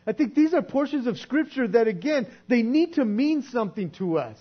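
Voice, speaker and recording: A man preaching a sermon in a conversational way, sometimes acting out quoted voices and dropping to a soft hush. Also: very high-pitched, very animated, moderate pace, slightly rough. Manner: conversational, acts out quoted voices, drops to soft hushed tones. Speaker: pastor. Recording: dull lo-fi sound with mains hum.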